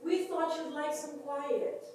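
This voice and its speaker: A patient caretaker with a fairly high voice who talks slow and calming, as an actress plays her. The voice rings through a very echoey stage, picked up from a distance with faint ambient noise. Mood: reassuring. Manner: slow, soothing, calls people honey. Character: soothing woman caretaker, patient and gentle. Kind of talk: stage play performance.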